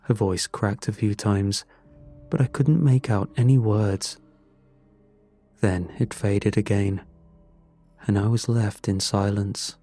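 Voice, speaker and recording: A man narrating a first-person story in a slow, measured, somber manner. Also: fairly low pitch, steady tone, dark tone, faint music behind.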